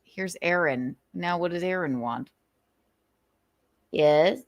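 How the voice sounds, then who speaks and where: A woman's voice: lowish voice, slow pace, no room sound, clean studio sound. A woman hosting a casual livestream, talking animatedly with frequent laughs and restarts. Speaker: livestream host.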